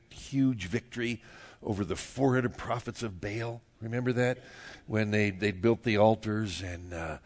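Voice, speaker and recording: A man teaching an evening Bible study sermon in a conversational, storytelling manner, often repeating words. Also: on the low side.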